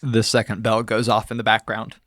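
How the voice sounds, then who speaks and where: A man narrating a tabletop game as game master, in a relaxed, descriptive way with fillers. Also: lowish voice, fairly quick.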